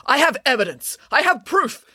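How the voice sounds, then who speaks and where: A woman voicing a greedy, indignant middle-aged man who accuses slowly and emphatically. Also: mid-range voice, bright, forceful tone, no room sound, studio quality, pitched above the performer's own voice.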